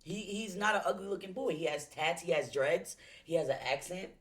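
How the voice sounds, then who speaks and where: A woman's voice: fairly low pitch, fairly quick. A woman, gossiping bluntly and profanely while reacting to a stream. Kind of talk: casual reaction chat.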